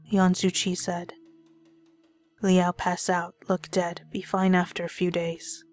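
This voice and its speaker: A woman voicing a terse male clouded leopard spirit from a visual novel, who talks in blunt, broken English at a slow pace. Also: lowish voice, completely flat delivery, darkish tone, soft background music.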